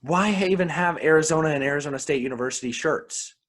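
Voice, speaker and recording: A man's voice: on the high side, fast, a bit bright. Opinionated man co-hosting a film podcast. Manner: opinionated, repeats words when starting sentences. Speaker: podcast co-host. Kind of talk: casual film review chat.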